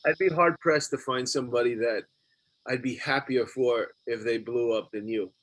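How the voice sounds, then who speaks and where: A man's voice: medium pitch, moderate pace. A man, a guest comedian, telling stories in a casual chat and acting out voices. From New York. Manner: animated storyteller, acts out voices. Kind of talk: casual storytelling.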